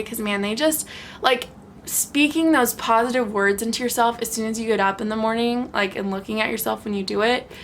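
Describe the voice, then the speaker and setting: A young woman in her twenties talking casually and frankly to the camera at home, animated and laughing often. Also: a little high, a little hiss or hum. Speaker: vlogger.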